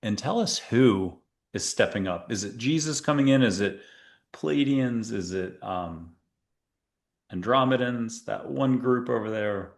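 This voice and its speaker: Speaking at an unhurried pace with a creaky, medium-pitched voice, this man hosts a spiritual talk-show podcast. He chats playfully and wanders off on tangents while guiding listeners through a meditation exercise.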